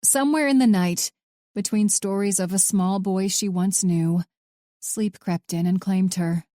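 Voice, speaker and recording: In a dry, clean studio recording, a woman with a mid-range voice reads a thriller audiobook. Her narration is steady and measured.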